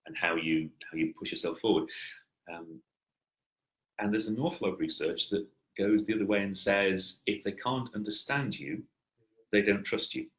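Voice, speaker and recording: A man's voice: fairly low pitch, normal speed, rough recording. A man giving presentation coaching on a video call, explaining things patiently with wry, dry humor. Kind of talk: coaching feedback chat. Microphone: headset.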